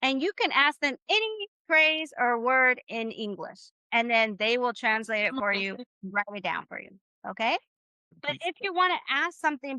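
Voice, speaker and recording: Bright upbeat woman teaching a class. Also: on the high side, smooth, dry recording. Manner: upbeat, encouraging, keeps asking "right?". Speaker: Spanish teacher. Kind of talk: live online class. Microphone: video call.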